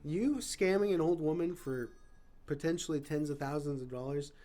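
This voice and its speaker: A man's voice: on the high side, normal speed, warm tone. A man co-hosting a casual podcast chat, speaking hesitantly with frequent ums and uhs. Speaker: podcast co-host.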